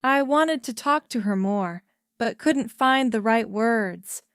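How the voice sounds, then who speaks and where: A woman reading a true story aloud in slow, careful scripted narration for English learners. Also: fairly high pitch, animated, clean tone, dry recording, studio quality. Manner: careful, evenly paced reading.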